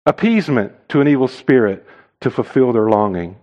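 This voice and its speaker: Emphatic, animated preaching man. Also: moderate pace, rough recording. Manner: emphatic, swinging between loud stressed phrases and low quiet asides; rhetorical questions to the congregation. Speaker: missionary preacher. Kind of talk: sermon.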